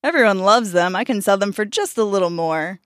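A woman's voice: medium pitch, expressive, fairly quick, dry recording, studio quality, lightly acted. A woman voicing a proud, greedy male pear farmer who scolds and dismisses people. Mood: scornful.

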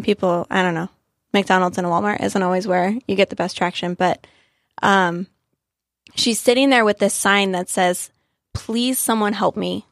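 A woman's voice: mid-range voice, no echo, studio quality. A woman in her thirties telling a personal story in casual chat, earnest and emotional, acting out what people said. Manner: earnest, emotional retelling with quoted dialogue.

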